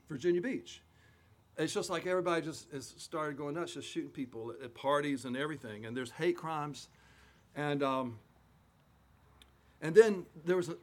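A man preaching a conversational Easter sermon as a pastor, retelling scripture in a folksy, chatty way. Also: on the high side.

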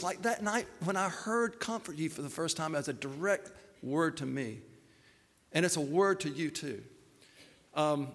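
Older man, pastor, heartfelt sermon with ums and ahs, reverberant hall. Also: high-pitched. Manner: earnest and personal, with hesitant fillers.

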